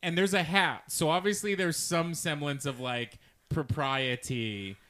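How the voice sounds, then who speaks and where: A man's voice: fairly high pitch, measured pace, sharp tone. A man co-hosting a podcast, chatting casually and dropping dry, wry remarks. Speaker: podcast co-host. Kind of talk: casual chat recapping a TV show.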